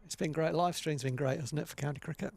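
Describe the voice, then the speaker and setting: A man's voice: on the high side, fast talker, creaky, a little mellow, dry recording. A middle-aged man, a retired player giving chatty, wry co-commentary on live cricket. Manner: chatty, wry, musing asides.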